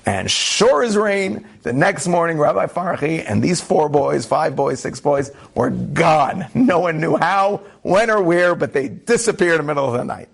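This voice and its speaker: A man's voice: on the high side, moderate pace, vocal fry, hardly any pauses, breathy edge. A man who is a rabbi, telling a story in a conversational way and acting out the quotes. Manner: animated, conversational, acts out the quotes. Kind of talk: storytelling talk.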